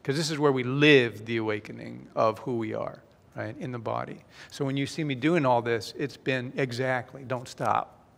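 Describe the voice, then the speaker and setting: A man giving a playful, lively conference talk about his book, telling a joke to the audience. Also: medium pitch, moderate pace, creaky, a little hiss or hum. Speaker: speaker presenting his book. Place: large conference hall. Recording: long reverb of a hall.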